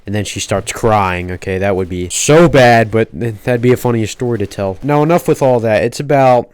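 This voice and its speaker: A young man in his late teens telling a rambling, profane story in a casual, deadpan way. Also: fairly low pitch, moderate pace, clear, resonant tone, no room sound. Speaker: storytelling vlogger.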